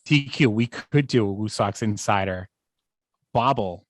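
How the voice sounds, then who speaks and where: A man's voice: on the low side, measured pace, no room sound, studio quality. A man with a Boston accent co-hosting a podcast, joking and teasing in casual chat. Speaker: podcast co-host.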